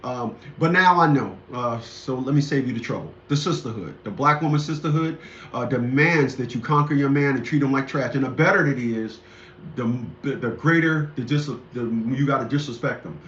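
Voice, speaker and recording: A man's voice: medium pitch, moderate pace, fairly bright tone, slight background noise. A man delivering a rambling, indignant ranting monologue, repeating himself often. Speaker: commentator. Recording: echoey, dull lo-fi room sound.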